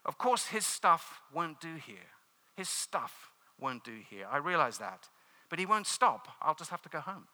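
A man's voice: fairly high pitch, big pitch swings, a little slow, pushed and bright, in a large hall, heavily acted. A man voicing a weary, limping man troubled by a whispering lizard, pleading and exasperated. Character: weary man who limps, chided by a whispering lizard on his shoulder.

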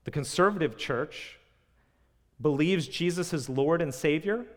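A man's voice: a little high, unhurried. Man preaching in a reverberant hall. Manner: earnest, rhetorical questions, dynamic swings in loudness. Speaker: pastor. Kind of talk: sermon. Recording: long reverb of a large hall.

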